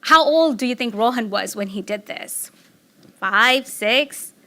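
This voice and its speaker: Bright, high-voiced woman telling family stories. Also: measured pace. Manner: animated, laughing, acts out excited quotes. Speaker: speaker giving a public talk. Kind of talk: personal storytelling talk.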